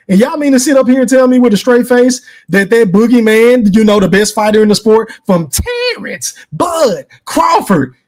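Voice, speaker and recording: A man hosting a live podcast delivers an emphatic, profane rant, calling out his chat. His voice sits high and leaps all over the place. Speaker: podcast host. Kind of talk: animated boxing opinion rant.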